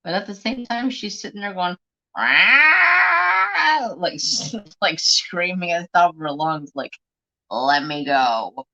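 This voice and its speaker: A man's voice: high-pitched, normal speed, few pauses, bright, forceful tone. A man hosting a craft livestream, chatting casually and bluntly, swearing freely. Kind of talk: casual live-stream chat. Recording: dull lo-fi stream audio.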